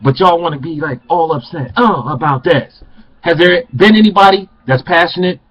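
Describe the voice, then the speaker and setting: A man's voice: on the high side, low-quality recording. An older man, a passionate sports fan, ranting to camera in a home vlog and repeating phrases for emphasis. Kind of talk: fired-up fan rant to camera.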